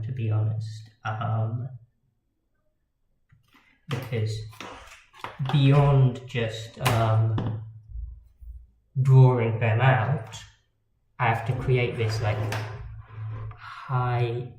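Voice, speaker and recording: While sketching on a livestream, a man who paints miniatures rambles casually and curses at his own expense. His voice is lowish and slightly mellow, captured in a roomy, muffled lo-fi recording with a faint hiss.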